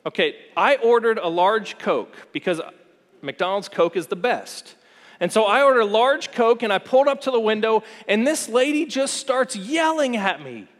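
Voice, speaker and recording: Male pastor, 40s, high-pitched, earnest sermon with rhetorical questions, recorded in a reverberant church hall. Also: expressive, normal speed.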